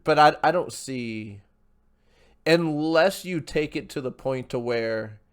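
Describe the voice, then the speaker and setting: A man's voice: mid-range voice, slow pace, clean tone. A man hosting a casual podcast. He reads out viewer questions from the live chat and agrees easily with his guest. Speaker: podcast host.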